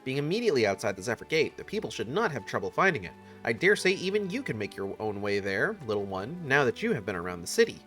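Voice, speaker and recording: A courtly, ceremonious game official, as a man puts him on. The formal, old-fashioned phrasing rises and falls in wide, lively swings. The tone is bright and forward, with faint music behind. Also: mid-range voice, fast, hardly any pauses. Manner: stately, archaic phrasing. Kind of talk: reading game dialogue aloud.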